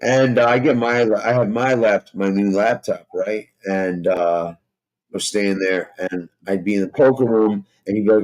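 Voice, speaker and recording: A man's voice: on the low side, steady tone, normal speed, darkish tone, low-quality recording. A man telling a rambling, profane story in casual chat, full of fillers like "you know" and "like".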